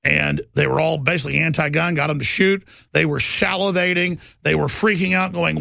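Gravelly bright-voiced radio talk host. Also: male voice, steady tone, a little fast, few pauses, dry recording, studio quality. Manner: impassioned, rambling, swings between loud and low. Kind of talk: fiery talk radio monologue.

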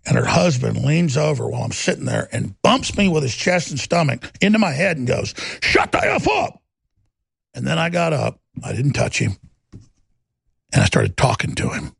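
A middle-aged man hosting a talk show, ranting in a heated, mocking monologue with a raspy voice. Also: mid-range voice, expressive, normal speed, no echo. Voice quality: gravelly, raspy.

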